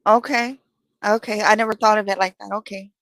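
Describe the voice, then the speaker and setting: Woman co-host, casual chatty talker, bright and a bit cheeky, dry close sound. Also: medium pitch, fairly even intonation, brisk, dry recording, low-quality recording. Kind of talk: casual chat.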